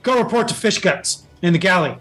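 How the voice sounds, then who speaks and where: A man voicing a huge, gruff female orc ship officer who barks curt orders. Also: lowish voice, expressive, brisk, fairly bright tone, faint music behind. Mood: commanding. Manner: curt, commanding.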